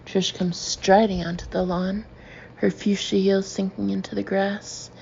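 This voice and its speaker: Slow, gravelly woman narrating a novel. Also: medium pitch, level tone, a little mellow, dull audio, slight background noise. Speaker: audiobook narrator. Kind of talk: first-person novel reading.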